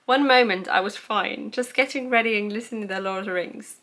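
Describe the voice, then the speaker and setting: A young woman with a bright, crisp voice gushes about her favourite books in a casual, rambling chat. She laughs at herself and reads out her old notes with plain delight. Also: mid-range voice, brisk, few pauses. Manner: gushing, rambling, self-mocking, laughs at herself. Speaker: book vlogger. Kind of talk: casual book review chat.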